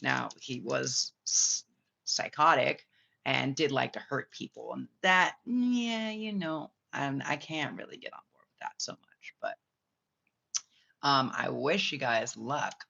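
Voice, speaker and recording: A woman tells a winding personal story in a loose, profane way, slipping into other people's voices as she quotes them. Her voice is bright and forceful. The recording sounds dull and lo-fi. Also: very deep voice, sing-song, slow pace, gravelly. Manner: profane, rambling, acts out quotes. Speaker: spiritual reader. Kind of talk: casual storytelling monologue. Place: Bali.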